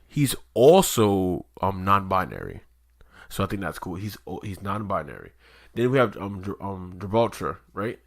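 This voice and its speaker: Low-voiced casual male podcaster. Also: very animated, normal speed, no room sound, clean studio sound. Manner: loose, profane, rambling with many fillers. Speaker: podcast co-host.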